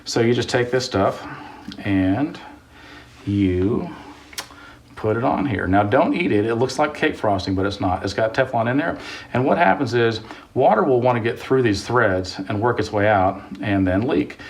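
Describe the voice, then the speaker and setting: A man's voice: medium pitch, animated, moderate pace, slight background noise. Rambling man in an echoey workspace. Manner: rambling, jokey asides. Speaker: home repair video host. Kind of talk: casual storytelling and DIY instruction. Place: work area during a water heater install. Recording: echoey room, mic at a distance.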